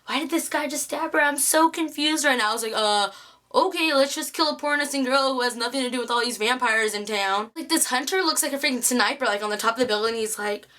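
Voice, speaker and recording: A young woman chatting excitedly through a TV episode recap, acting out the characters' lines. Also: sits high, quick pace. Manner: chatty, excitable, acts out quotes. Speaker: TV recap vlogger.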